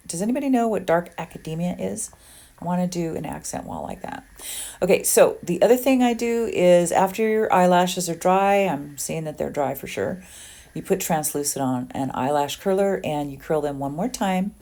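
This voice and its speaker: A woman in her sixties with a low, mellow voice talks through her makeup at home as if chatting with friends. She rambles a little, trailing into ums and side remarks as she works. Her tone stays easygoing and conversational. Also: expressive, moderate pace, creaky. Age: 60s. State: under the weather. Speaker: beauty vlogger. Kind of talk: casual get-ready-with-me makeup tutorial.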